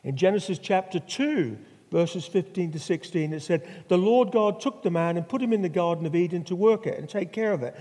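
A man's voice: sits high, expressive, brisk, hardly any pauses, dark tone. An older man from Norfolk, England, preaching a sermon with stories and rhetorical questions. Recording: long hall reverb.

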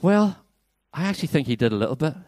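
In a church hall, a pastor gives an interactive sermon, playfully coaxing the congregation to act out a Bible story. His voice is on the high side and a little mellow, and he speaks fast and very animatedly.

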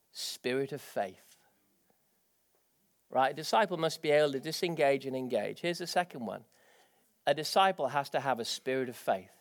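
High-voiced, animated preacher man. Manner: energetic, animated preaching with rising exclamations. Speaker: pastor. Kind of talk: sermon.

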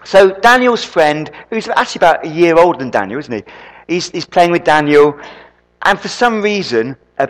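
A man preaching a sermon, an animated storyteller who throws quick asides to the congregation. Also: a little high. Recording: long reverb in a hall.

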